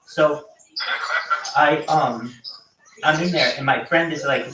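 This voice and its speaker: A man's voice: medium pitch, unhurried, long pauses, sharp tone, far from the mic. Man, livestream host, rambling and profane, set back from the mic in a roomy space. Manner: loose and profane, lots of fillers. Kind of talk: casual rambling chat. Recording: echoey room, from off-mic, faint background noise.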